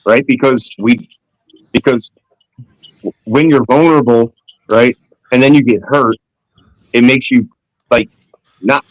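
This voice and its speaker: A man's voice: mid-range voice, unhurried, pauses often, no echo, rough recording. A man on a discussion panel who rambles and searches for his words in casual talk.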